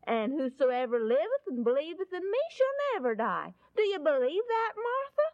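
A woman voicing a calm, commanding Jesus. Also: high voice, no echo, voice pushed up. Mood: reassuring. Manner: soothing, slow, solemn commands. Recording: dull lo-fi dry recording.

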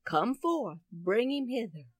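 A woman voicing a calm male healer in old-fashioned phrasing in a Bible story. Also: fairly high pitch, slow pace, slightly rough, dry recording, clean studio sound, heavily acted. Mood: gentle. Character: calm gentle male healer speaking kindly.

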